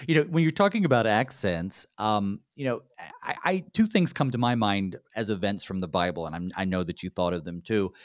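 A man from North Carolina with a Southern US accent, hosting a conversational Bible study in a chatty, relaxed way. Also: lowish voice, fairly quick, dry recording, clean studio sound.

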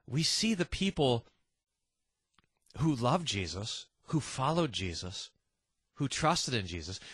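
A man's voice: medium pitch, fairly bright tone, husky, dry recording, clean studio sound. A man hosting a devotional podcast, talking earnestly and animatedly, often restarting his sentences. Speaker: podcast host.

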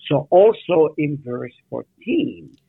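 Bible teacher, man, raspy and gravelly, slow and questioning, lo-fi phone-line sound. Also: on the high side, no echo. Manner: animated, asks the listeners questions. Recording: tinny phone-like radio audio.

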